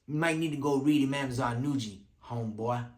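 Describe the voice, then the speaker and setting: A man's voice: mid-range voice, a little fast, a little mellow. Streetwise man in an echoey room. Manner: streetwise slang, repeats lines for emphasis. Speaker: commentator. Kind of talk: casual video commentary.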